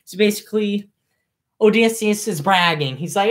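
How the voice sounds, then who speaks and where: A woman's voice: medium pitch, big pitch swings, a little slow. A young woman reading an ancient epic aloud, breaking off for casual, filler-heavy commentary. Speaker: reader.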